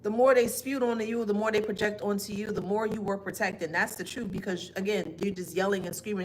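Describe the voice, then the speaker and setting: A woman's voice: medium pitch, steady tone, fairly quick, few pauses, slight background noise. A woman giving a casual spiritual reading to her viewers, blunt and emphatic, with mocking asides.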